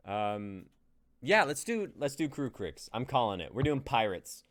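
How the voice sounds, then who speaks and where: A man's voice: mid-range voice, big pitch swings, unhurried. A man hosting a live stream and assigning roles for a script reading, in upbeat, casual chat. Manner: upbeat, directing the group. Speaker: stream host. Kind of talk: casual stream chat and casting a table read.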